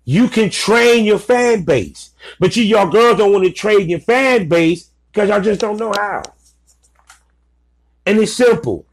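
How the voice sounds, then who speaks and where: A man's voice: high voice, animated, measured pace. A man giving blunt, profane business advice in a casual, ranting commentary. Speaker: vlogger giving advice to content creators.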